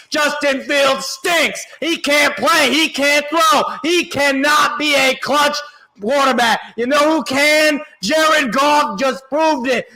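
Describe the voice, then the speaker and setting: High-voiced guy doing fan play by play, bright tone, yells when his team scores, voice going raw. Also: rough recording. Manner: yells and cheers at big plays, sings along. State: voice getting worn from shouting. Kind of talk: excited live reaction commentary.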